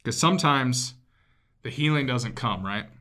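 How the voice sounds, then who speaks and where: A man's voice: mid-range voice, animated, measured pace, bright, forceful tone. A man preaching a sermon as a pastor, in a casual, conversational way with asides to his listeners.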